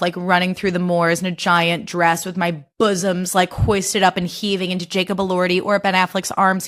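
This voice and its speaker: A young woman talks alone on her podcast, loose and chatty. She swings between gushing and ranting and swears freely, with an easy, everyday middle pitch. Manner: animated, profane, gushing and ranting. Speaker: podcast host. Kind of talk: casual solo podcast chat.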